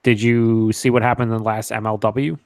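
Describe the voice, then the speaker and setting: A man's voice: mid-range voice, flat delivery, brisk, darkish tone, no echo, clean studio sound. A man chatting casually on a beer show, laughing often and swearing freely. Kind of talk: casual chat.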